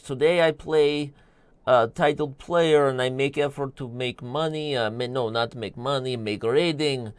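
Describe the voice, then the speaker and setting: A man's voice: medium pitch, darkish tone, clear, resonant tone, dry recording. A man putting on a broken-English persona while signing off a chess stream. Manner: clipped broken grammar, sing-song questions.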